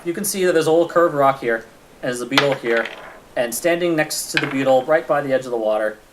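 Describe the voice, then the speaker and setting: A man's voice: medium pitch, a little fast, background noise. A man running a tabletop game as game master, talking casually and thinking aloud with fillers as he points things out on a map.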